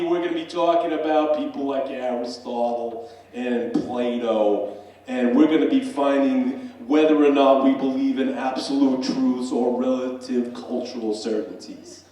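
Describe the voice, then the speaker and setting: A man's voice: medium pitch, unhurried, darkish tone, natural voice. A man doing a pompous lecturer voice. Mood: lofty. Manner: lofty, lecturing. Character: pompous male philosophy lecturer. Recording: echoey hall, voice from a distance.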